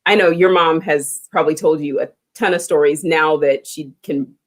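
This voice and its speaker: A woman's voice: deep voice, fairly even intonation, moderate pace. A middle-aged woman hosting a talk show, chatting casually and empathetically with emphatic asides. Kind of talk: casual interview chat.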